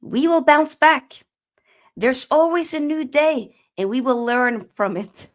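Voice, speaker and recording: A woman putting on an impression of a dour middle-aged male football manager, giving slow, stiff press-conference lines. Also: high-pitched, lively intonation, voice pushed up. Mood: defiant.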